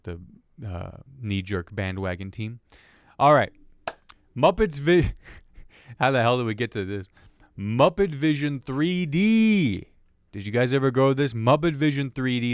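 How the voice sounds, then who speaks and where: A man's voice: lowish voice, clear, resonant tone, dry recording, studio quality. A young man hosting his own podcast, chatting in a rambling, jokey way about the week's news and his sports teams. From Indiana. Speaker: podcast host. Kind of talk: casual solo commentary.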